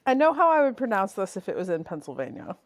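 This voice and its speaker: A woman co-hosts a casual podcast in a relaxed way, often saying 'like'. Her pitch moves widely as she speaks. The recording is dry and close. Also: fast talker, no room sound. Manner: relaxed, uses 'like' a lot. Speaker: podcast co-host. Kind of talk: casual chat.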